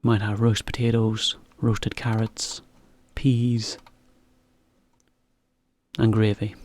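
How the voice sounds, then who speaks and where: A man teaching to learners, talking in a relaxed, chatty way with a laugh now and then. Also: lowish voice, slow pace. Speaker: English teacher. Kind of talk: slow, clear explanation for learners.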